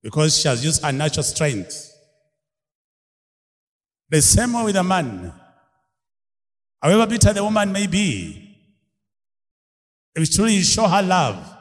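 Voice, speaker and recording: A man's voice: high-pitched, very animated, a little slow, pauses often. A man preaching a sermon, laughing often and calling out questions to his congregation. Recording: long hall reverb.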